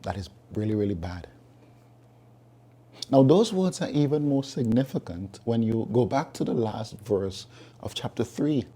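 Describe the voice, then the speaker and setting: Male preacher with a mellow, husky voice, emphatic, repeats points for weight. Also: mid-range voice, expressive, a little slow. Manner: emphatic, repeats key phrases, reasons with listeners. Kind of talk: sermon.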